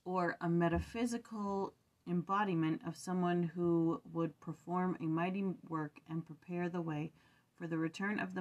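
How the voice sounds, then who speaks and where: A young woman reading scripture aloud and reflecting in a chatty, tired way, stumbling and correcting herself. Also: low-pitched. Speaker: scripture study vlogger. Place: home room.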